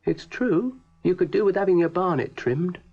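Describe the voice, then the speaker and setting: A man's voice: high voice, animated, normal speed, husky, soft background music, heavily acted. An actor voicing a cheerful, vulgar male snail in a 1970s children's TV show, in a teasing manner. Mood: cheeky. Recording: dull lo-fi archive recording.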